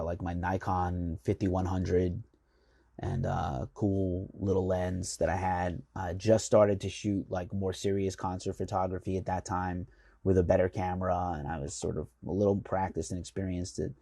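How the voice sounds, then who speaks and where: A man's voice: sits low, darkish tone, slightly rough, no echo, clean studio sound. A man from the United States, a magazine editor hosting his show, telling a rambling, enthusiastic story full of fillers. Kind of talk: casual storytelling monologue.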